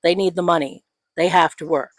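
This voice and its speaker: A woman's voice: on the low side, steady tone, a little fast, no room sound. Gen X woman, podcast co-host, profane mocking rant, dry close sound. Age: 40s or 50s. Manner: ranting, profane, mocks people with exaggerated voices. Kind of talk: casual political chat.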